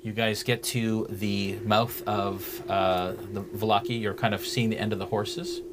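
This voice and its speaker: A man running a tabletop game and hosting the stream in a loose, relaxed way, with plenty of ums and uhs. Constant noise hums behind his voice. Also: on the low side, a little slow. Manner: relaxed, loose, lots of fillers. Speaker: game master and stream host.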